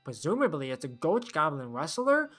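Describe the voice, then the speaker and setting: A streamer reading on-screen game text and chatting through play, the pitch rising and falling freely. Fillers and trailing thoughts pepper the talk, with faint music in the background. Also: big pitch swings, normal speed, fairly bright tone. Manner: rambling, thinks aloud, trails off. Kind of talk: reading game text aloud while playing.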